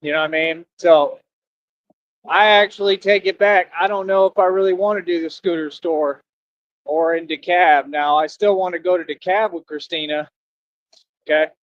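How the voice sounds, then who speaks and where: A man's voice: fairly high pitch, steady tone, normal speed, no room sound. A tired man on a live stream, rambling in a boastful, self-assured way while out in the heat. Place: outdoors. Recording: dry, dull lo-fi sound.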